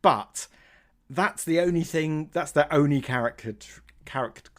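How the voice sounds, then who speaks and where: A man talking as a podcast guest in casual chat, animated, laughing and tripping over his words. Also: fairly high pitch, measured pace.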